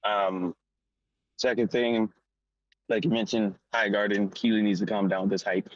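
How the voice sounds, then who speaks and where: A man's voice: lowish voice, little pitch movement, normal speed, dry recording, highs cut off. A laid-back man talking slangy casual chat on a podcast, calling in over a remote line. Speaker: podcast co-host.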